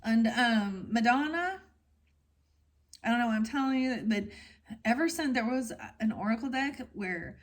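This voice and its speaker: A woman's voice: fairly high pitch, expressive, unhurried. A woman giving a casual tarot reading to her viewers, rambling and frank, going off on tangents. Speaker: tarot reader.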